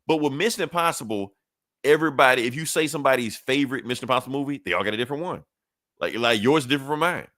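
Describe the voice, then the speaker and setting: A male podcast co-host who rambles and swears freely, his pitch swinging lively up and down. He sounds dry and close to the mic, with no room sound. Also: rapid-fire, no room sound. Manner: loose, profane and rambling, with lots of fillers. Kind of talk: casual chat.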